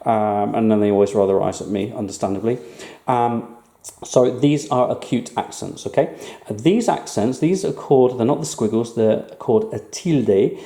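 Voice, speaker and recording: Patient male teacher, mellow echoey voice. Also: medium pitch. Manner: clear, patient explaining with slow repeated words. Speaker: Spanish teacher. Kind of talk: online language lesson.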